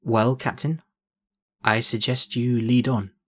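A man's voice: medium pitch, flat delivery, slow. A man voicing a cheeky, eager sixteen-year-old boy in a fantasy storybook reading.

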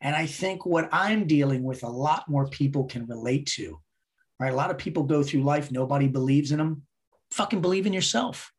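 Middle-aged man, guest storyteller; blunt, swears freely, animated, fairly high voice. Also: normal speed. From United States. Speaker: podcast guest. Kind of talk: casual storytelling interview.

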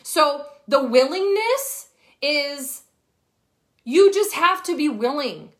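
A woman's voice: high-pitched, lively intonation, slow, a bit bright. A woman coaching her team on a livestream from her phone, talking in a blunt, profane, fired-up way. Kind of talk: livestream pep talk.

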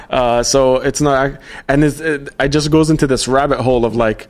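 Man chatting with relaxed hesitation. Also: medium pitch, a little fast, hardly any pauses. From Australia-born, raised in Jordan. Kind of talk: casual podcast conversation.

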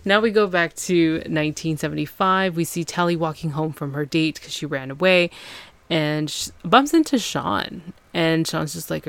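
A woman's voice: low voice, normal speed, no room sound. A woman hosting a podcast, recapping a TV episode in casual chat, acting out the characters' lines with fillers and laughs. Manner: chatty, acts out quotes with fillers and laughs. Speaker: podcast host.

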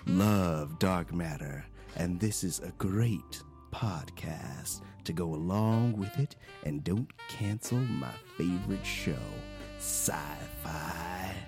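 Woman doing a low gravelly sexy voice, slow, jazz playing underneath. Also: expressive, music in the background, heavily acted. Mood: sultry. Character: sultry woman reading a fan review. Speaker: podcast co-host. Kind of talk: mock sexy voice over jazz. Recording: smooth jazz playing behind.

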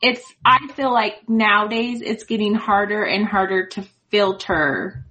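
A woman's voice: medium pitch, fairly even intonation, measured pace, bright, forceful tone, poor audio. A woman in her thirties, a mother chatting casually and telling a story, acting out the lines of her son. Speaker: mom and co-host.

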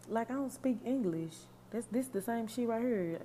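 A woman hosting a podcast, giving sassy, animated, profane commentary on song lyrics. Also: a little high, unhurried, slight background noise. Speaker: podcast host.

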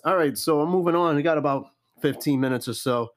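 A man's voice: a little high, fast talker. A young man hosting a casual solo podcast, giving blunt, profane advice on listener questions. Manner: blunt, animated, profane, repeats "I'm gonna tell you right now".

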